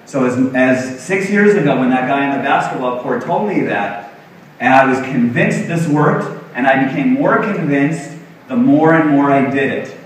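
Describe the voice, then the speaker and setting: A man's voice: medium pitch, animated, moderate pace, slight background noise. Earnest middle-aged man in echoey hall. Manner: earnest, self-deprecating, acts out quotes. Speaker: health coach speaker. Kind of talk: motivational stage talk. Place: large expo hall stage. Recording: very echoey hall, distant mic.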